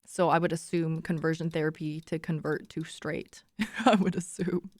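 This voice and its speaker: A woman's voice: low-pitched, level tone, normal speed, darkish tone, no room sound. Giggly streamer girl in her 20s chatting w her viewers, dry close mic. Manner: chatty and giggly, cooing baby talk to her dog. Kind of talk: casual chat with viewers.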